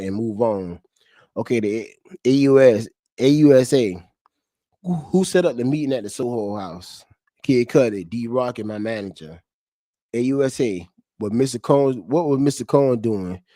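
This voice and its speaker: A man streaming to his chat, reading court testimony in a flat voice and then breaking into slangy, profane, laughing commentary. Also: medium pitch, moderate pace, no echo, clean studio sound. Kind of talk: casual livestream commentary.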